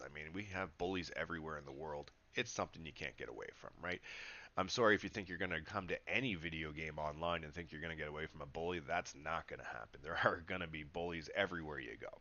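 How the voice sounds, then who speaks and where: A man's voice: low voice, pushed and bright, dull audio. A man, a livestreamer who calls himself a spiritual teacher, chatting with his viewers in an upbeat, rambling way and laughing often. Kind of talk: casual livestream chat. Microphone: webcam setup.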